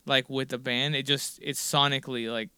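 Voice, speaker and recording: Man in his forties, rambling interview guest, bright tone, very clear, dry room. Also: medium pitch, flat delivery, normal speed, no echo. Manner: rambling, many likes and fillers, swears casually. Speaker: guest musician. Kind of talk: casual interview storytelling.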